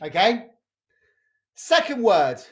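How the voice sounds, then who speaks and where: A community drama workshop leader running a charades game over a video call, pausing to check in with "okay?" after each clue. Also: mid-range voice, huge pitch swings.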